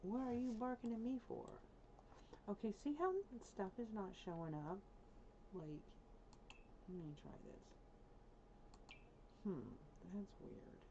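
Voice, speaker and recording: A woman's voice: mid-range voice, slow, pauses often, background noise. A woman live streaming from home, chatting casually as she builds in a game, thinking aloud and teasing her dog now and then. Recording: dull lo-fi stream audio.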